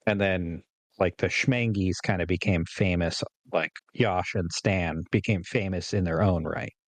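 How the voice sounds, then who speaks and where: A man's voice: sits low, unhurried, no echo. A man in his forties from California, co-hosting a podcast in a rambling casual chat full of fillers and laughs. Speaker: podcast co-host.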